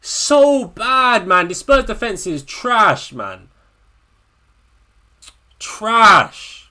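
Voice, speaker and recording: A man hosting a live fantasy football watchalong, talking casually, swinging between low mutters and loud frustrated rants, often repeating himself and swearing. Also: big pitch swings, drawn-out words. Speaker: livestream host.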